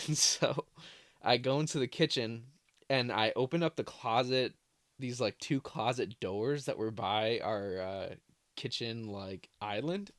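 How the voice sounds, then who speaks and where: A man's voice: medium pitch, unhurried, a bit bright, dry recording, clean studio sound. A young man in his twenties telling a childhood story in a loose, casual vlog style from his parents' basement, full of "like" fillers. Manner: loose, filler-heavy, lots of "like". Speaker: vlogger.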